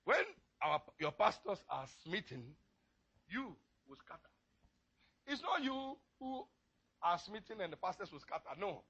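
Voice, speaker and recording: Male pastor, sermon, impassioned. High, gravelly, animated delivery. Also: measured pace, dull audio. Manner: impassioned preaching, swinging from low murmurs to crying shouts.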